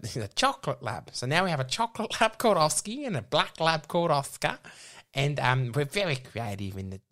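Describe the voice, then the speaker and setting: A man playing a nervous young pitching a silly dog business, who rambles and keeps restarting. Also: a bit bright. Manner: rambling, restarts again and again, flustered. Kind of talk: improvised comedy sketch.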